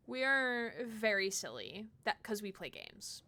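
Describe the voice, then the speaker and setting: A woman's voice: medium pitch, very animated, a little slow, sharp tone. A woman streaming a game, chatting in a playful, giggly way with her viewers. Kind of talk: casual live-stream commentary.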